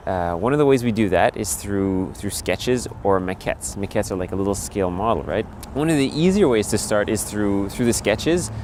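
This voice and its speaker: A young man tells stories and explains his craft casually in a documentary interview. His voice sits low for a man, and a faint outdoor hum lies under it. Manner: casual, storytelling, lively quoting. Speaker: snow sculptor.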